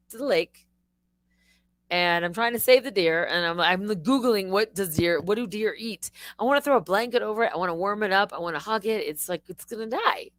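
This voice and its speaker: Woman, livestream host, casual storytelling, lively swooping pitch, dry close sound. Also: no echo. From Michigan. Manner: animated, swearing, quoting herself in high excited bursts. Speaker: livestream host, former wildlife TV host.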